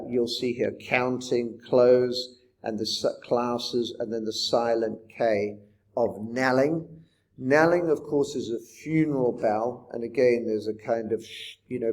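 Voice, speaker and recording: A man's voice: medium pitch, darkish tone. Reflective man lecturing on poetry. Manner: reflective, asks rhetorical questions. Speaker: teacher.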